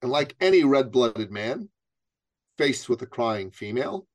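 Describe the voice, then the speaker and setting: A middle-aged man from Iran, a business coach, telling a story in an interview and acting out the people in it with big jumps in pitch. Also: expressive, measured pace, no echo.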